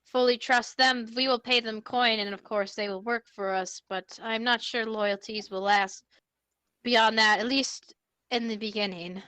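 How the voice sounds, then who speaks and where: A woman's voice: on the high side, steady tone, unhurried, bright, forceful tone, clean tone, dry recording. A woman speaking in character as a player in a tabletop game, earnest, formal and a little hesitant. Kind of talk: in-character tabletop role-play.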